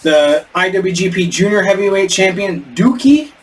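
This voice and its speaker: A man's voice: high voice, steady tone, moderate pace. A man co-hosting a podcast in casual chat, rambling and stumbling over names. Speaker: podcast co-host. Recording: distant mic with faint background noise.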